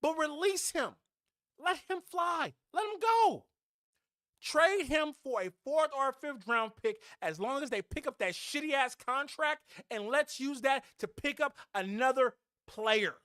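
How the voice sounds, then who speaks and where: A man's voice: very high voice, lively intonation, measured pace, hardly any pauses, pushed and bright, dry recording, studio quality. A man hosting a fan podcast, delivering a blunt, heated, preachy sports rant.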